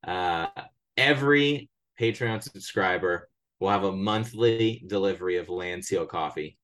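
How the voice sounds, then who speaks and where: Deep-voiced man doing a mock sales pitch. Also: measured pace, a bit bright. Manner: mock-salesy pitch full of restarts and stammers. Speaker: podcast co-host. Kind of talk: casual podcast chat. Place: his bedroom at home.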